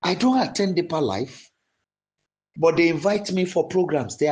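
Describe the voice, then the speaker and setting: A man with a Nigerian accent, a pastor preaching and then leading the congregation in prayer, slow and deliberate, rising to shouts in prayer. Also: fairly high pitch, lively intonation, low-quality recording. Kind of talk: sermon and led prayer.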